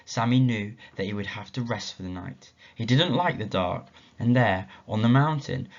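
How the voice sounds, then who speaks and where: A male teacher reading a story aloud expressively at a school assembly and asking the children questions. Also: medium pitch. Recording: dull, muffled lo-fi recording.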